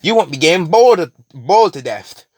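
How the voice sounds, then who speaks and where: A man's voice: a little high, big pitch swings, a little fast, no echo, studio quality, pitched above the performer's own voice. A man doing a gleeful sadistic killer. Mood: mocking. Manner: gleeful, mocking taunts. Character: sadistic male serial killer with a monstrous symbiote, taunting.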